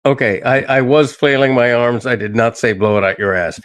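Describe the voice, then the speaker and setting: A man's voice: medium pitch, a little fast, a bit bright, no room sound. An older man hosting a podcast in casual chat, talking in an indignant way that he soon laughs off. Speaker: podcast host.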